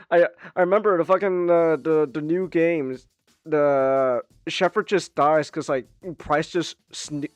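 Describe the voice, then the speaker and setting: A man's voice: a little high, dry recording. Man, streamer, casual chat, rambling, restarts, swearing, faint music behind.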